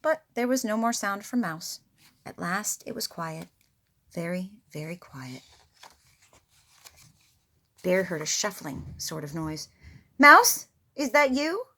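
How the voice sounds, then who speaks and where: A woman reading a picture book aloud, expressive and playful with her own asides. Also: on the low side, slow, long pauses. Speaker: storyteller.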